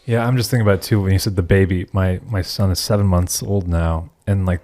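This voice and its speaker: Easygoing male co-host, low voice. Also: fairly even intonation, quick pace, mellow. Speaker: podcast co-host. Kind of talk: casual podcast conversation.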